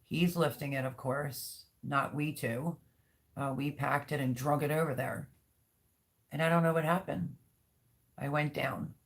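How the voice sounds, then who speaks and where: A woman's voice: low voice, steady tone, measured pace. A woman hosting a casual livestream from home, rambling candidly and reading out viewer comments. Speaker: livestream host. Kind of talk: casual live-stream chat.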